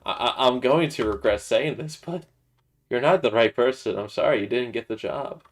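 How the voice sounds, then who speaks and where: A man's voice: medium pitch, moderate pace. Young man hosting a stammery stream chat. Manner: hesitant, stammering, full of fillers. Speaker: streamer and host. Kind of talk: casual gaming livestream chat.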